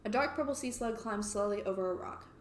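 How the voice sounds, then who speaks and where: A woman's voice: medium pitch, fast, slight background noise. A young woman narrating a story game aloud, with wry, sarcastic asides. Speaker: let's play host. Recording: roomy echoey room.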